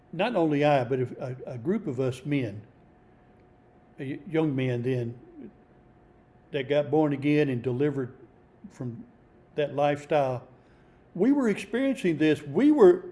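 An older man preaches an informal sermon in a mellow, fairly high voice. He halts often, restarting his sentences and filling gaps with "uh" and "you know". Now and then he reads scripture aloud. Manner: halting, with many restarts and fillers.

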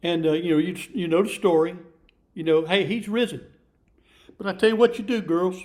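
A man's voice: sits high, steady tone, brisk, a little mellow. A man in his seventies preaching a sermon in a folksy, emphatic storytelling manner, often repeating himself. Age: 70s.

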